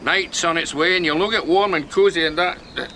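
A sardonic Scottish shepherd with a dry tongue. His voice sits fairly high. Clear noise runs under the outdoor film sound. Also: brisk, bright, forceful tone. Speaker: actor.

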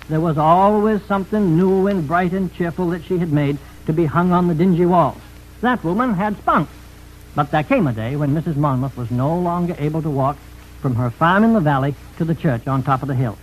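Guy with a high voice spinning a folksy yarn, old dull radio sound. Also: animated, normal speed, slight background noise. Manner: folksy, chatty asides to the listener. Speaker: storyteller.

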